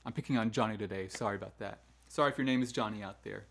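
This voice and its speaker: Racing along with vocal fry and a fairly low pitch, a male choral music education host gives instruction on classroom management. His manner is conversational, marked by restarts and many "right?" checks, and he voices teacher commands firmly, letting them drop downward.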